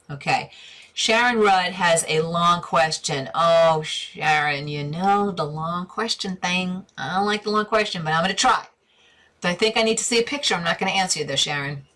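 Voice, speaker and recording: A woman's voice: fairly low pitch, fairly bright tone. A middle-aged woman hosting a live interior design stream, answering viewer questions in a chatty, direct way and using endearments.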